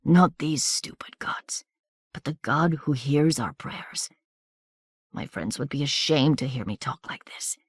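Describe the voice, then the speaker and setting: A woman reading the lines of a delirious wounded young soldier in an audiobook, speaking softly and at times in a near whisper. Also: sits low, measured pace, creaky, pauses often, husky, dry recording, studio quality, full character voice. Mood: pleading. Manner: soft, murmured, at times whispered.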